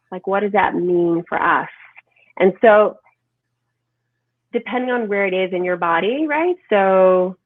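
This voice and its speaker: A woman speaking as a holistic health guest in an animated, emphatic conversational interview, often asking "right?". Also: medium pitch. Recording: tinny phone-like line, dry.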